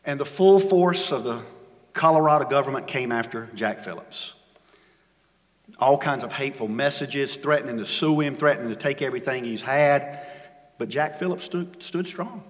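Male pastor, mid-pitched, dynamic sermon delivery, recorded in a reverberant church hall. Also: normal speed. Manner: dynamic preaching, swings from loud emphasis to hushed low lines. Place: church sanctuary.

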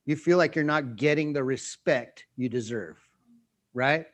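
A man preaching as a pastor, animated and acting out everyday scenes, often putting questions to his listeners. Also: mid-range voice, a little slow. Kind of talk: sermon teaching.

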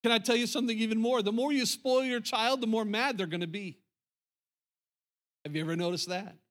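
Man, pastor, sermon, high voice, emphatic, repeats himself, middle-aged. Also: brisk, fairly bright tone. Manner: emphatic, repetitive, talks to the congregation.

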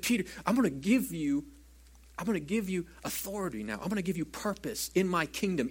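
A man preaching a sermon in an earnest, conversational way, sometimes dropping to a hushed voice and often asking his listeners "right?". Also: fairly high pitch, very animated, fairly quick, husky. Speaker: pastor.

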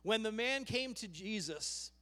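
A male pastor delivers a sermon in a slightly raised register, taking his time over each phrase. He is emphatic, moving between loud declarations and hushed words. His voice carries a long reverb from a large church hall. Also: sits high, animated, measured pace.

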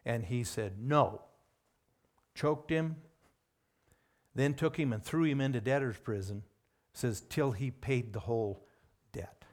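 A man preaching a sermon at an unhurried, deliberate pace. He leans hard on key words, pushing them up in pitch and volume for emphasis. His voice sits at an ordinary middle pitch. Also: darkish tone.

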